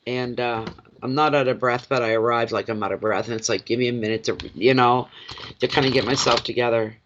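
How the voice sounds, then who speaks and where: A man's voice: mid-range voice, steady tone, a little fast, fairly bright tone, muffled recording, slight background noise. A man giving a live tarot reading, chatty and joking, and poking fun at himself between cards. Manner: chatty, joking and self-deprecating. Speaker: tarot reader. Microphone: phone.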